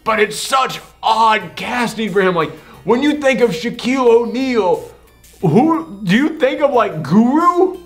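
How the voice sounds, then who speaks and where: A man hosting a casual movie reaction, animated and sarcastic as he picks the plot apart, swearing freely along the way. His voice sits fairly high for a man, and faint music plays in the background. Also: a little slow. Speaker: host.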